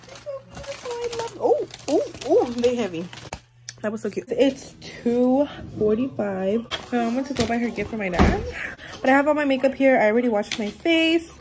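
A woman's voice: a little high, normal speed. A young woman chatting casually to her camera in a vlog, full of "like" and "um". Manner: chatty, fillers like "like" and "um". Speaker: vlogger. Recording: noisy background.

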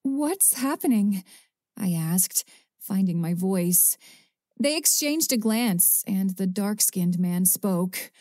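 A woman narrating a first-person audiobook in a measured, even storytelling manner, close to a studio mic. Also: mid-range voice, no room sound.

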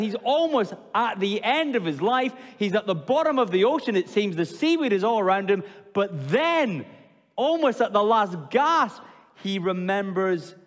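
A male preacher with a high voice gives an expressive sermon. He puts questions to his listeners and sinks low and slow to stress a point. His voice rings with a long reverb through a church hall.

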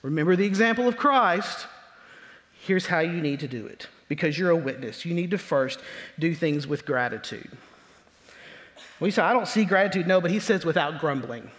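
A man preaching a sermon as pastor, leaning hard on key words and slowing down to stress them, sometimes dropping into a low mutter to mimic complainers. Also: expressive, fairly bright tone. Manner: emphatic preaching with slow drawn-out stresses. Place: church sanctuary. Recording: long church hall reverb.

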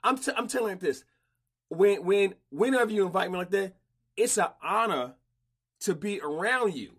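A man hosting a casual podcast interview, slangy and animated, often repeating himself. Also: high-pitched, normal speed, breathy edge. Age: older. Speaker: podcast host.

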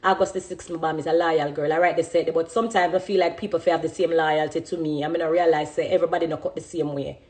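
A woman's voice: deep voice, fairly even intonation, quick pace, few pauses, a little mellow. A woman in her thirties with a Jamaican accent speaking passionately and emphatically about her career, full of thanks. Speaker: dancehall artist. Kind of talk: emotional spontaneous speech.

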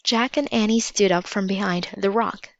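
A woman reading a children's storybook aloud in steady, measured narration. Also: mid-range voice, no echo. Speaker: storybook reader. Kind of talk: children's book read-aloud. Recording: dull lo-fi recording.

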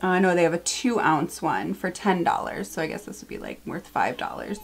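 A woman's voice: lowish voice, very animated, normal speed, vocal fry. A woman in her thirties at home, chatting casually to camera as a beauty vlogger, gushing and full of fillers and asides. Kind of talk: casual haul review to camera.

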